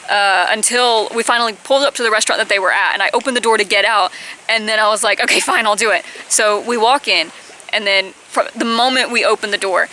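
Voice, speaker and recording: A woman in her twenties telling a casual storytime on her vlog, chatty, with high-pitched bursts when she quotes herself. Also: quick pace, bright, forceful tone, slight background noise, rough recording. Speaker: vlogger.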